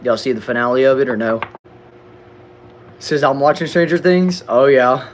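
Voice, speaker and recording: A young Southern man from Texas reads through his livestream comments from a back shed, laid-back and slangy, stumbling and repeating words now and then. His voice is middle-pitched at a moderate pace. The audio is poor, with a faint hum behind him.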